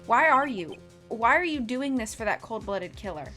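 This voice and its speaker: A woman's voice: fairly high pitch, big pitch swings, moderate pace, sharp tone, faint music behind. A woman reading lines for an earnest, determined young male defense attorney from a game. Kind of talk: reading game dialogue aloud.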